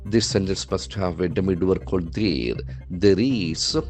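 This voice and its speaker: A man's voice: low-pitched, darkish tone, soft background music. Indian man teaching English pronunciation. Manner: spells words letter by letter and repeats them slowly for pronunciation. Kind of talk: newspaper vocabulary lesson.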